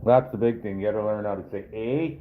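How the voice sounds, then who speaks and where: A man's voice: lowish voice, flat delivery, racing, a little hiss or hum. A man hosting a casual live stream as a trapper, chatting with viewers in a rambling, folksy, joking way. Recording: tinny phone-like sound.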